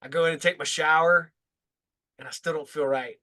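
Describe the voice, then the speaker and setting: A man's voice: fairly high pitch, steady tone, fairly quick, bright, forceful tone. A middle-aged man telling a laid-back, profane anecdote in a casual podcast chat.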